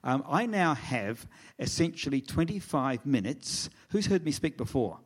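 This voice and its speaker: A man's voice: medium pitch, very animated, a little slow. A middle-aged man, an author speaking to an audience in a lecture room, telling wry, self-deprecating stories with quoted dialogue. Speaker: author giving a talk. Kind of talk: storytelling presentation.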